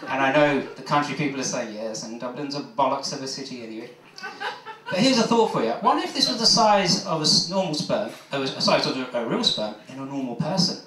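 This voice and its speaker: A man's voice: a little high, big pitch swings, fairly quick, hardly any pauses, a bit bright, recorded from a distance. Self-mocking male stand-up in a pub. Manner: rambling, self-mocking, chats with audience. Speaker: stand-up comedian. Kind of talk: stand-up comedy. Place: pub stage. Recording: roomy pub mic from afar.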